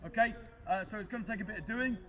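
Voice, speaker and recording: A male instructor addressing a class in a brisk, self-deprecating way. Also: high voice, sharp tone. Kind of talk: lesson instruction.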